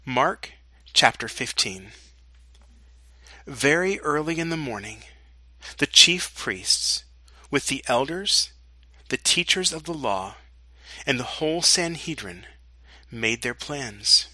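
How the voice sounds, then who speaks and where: A pastor reading a scripture passage aloud in a slow, deliberate way. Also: male voice, medium pitch, animated, bright, forceful tone, no room sound. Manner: slow and deliberate reading, with dramatic quoted lines.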